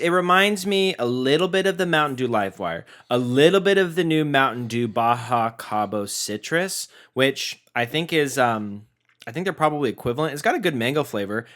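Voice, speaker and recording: A man co-hosting a snack review podcast, chatting casually and cracking playful jokes. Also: medium pitch. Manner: jokey, playful, animated bits. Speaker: podcast co-host. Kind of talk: casual food review chat.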